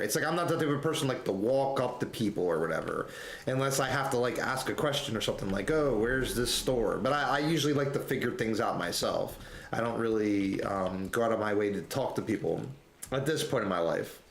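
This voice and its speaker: A man streaming, telling a rambling personal story in casual chat, with many restarts and quoted dialogue. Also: a little high. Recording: echoey room, faint noise.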